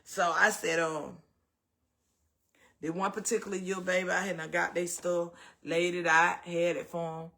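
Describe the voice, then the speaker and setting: A woman's voice: fairly low pitch, flat delivery, unhurried, gravelly, bright, forceful tone. Blunt Southern woman telling stories. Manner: blunt, profane, acts out quoted voices. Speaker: host. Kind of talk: casual storytelling chat.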